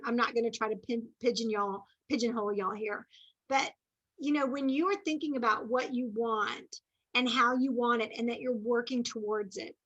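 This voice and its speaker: A woman's voice: on the high side, fairly bright tone, dull audio. A woman giving an earnest, faith-based motivational talk to a sales team, chatty and full of asides.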